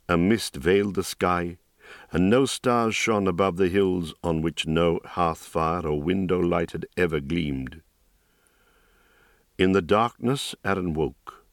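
A man narrating a fantasy audiobook in calm, steady scripted storytelling. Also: sits low, no echo, clean studio sound.

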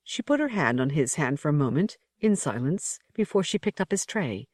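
A narrator reading a novel aloud in a measured storytelling manner. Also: mid-range voice, sing-song, no echo, studio quality. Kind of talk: audiobook narration.

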